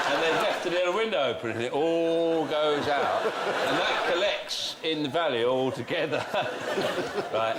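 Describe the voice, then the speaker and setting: A male comedian on a quiz panel, spinning absurd stories in a deadpan way. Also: mid-range voice. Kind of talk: comic panel banter. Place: television studio with audience. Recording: noisy studio recording.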